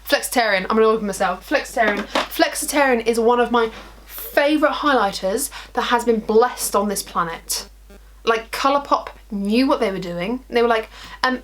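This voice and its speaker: A woman's voice: on the high side, moderate pace. A young woman chatting casually through a makeup tutorial, rambling and poking fun at herself as she works in front of a mirror. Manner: chatty, self-deprecating, rambling asides. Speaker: makeup vlogger.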